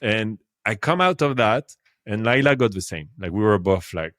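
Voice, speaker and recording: A man in his fifties with a French accent, telling a personal story as a podcast guest, animated and laughing often. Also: lowish voice, normal speed, no echo, clean studio sound. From France. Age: 50s. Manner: animated, laughs often, swings between loud and quiet. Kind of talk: casual storytelling.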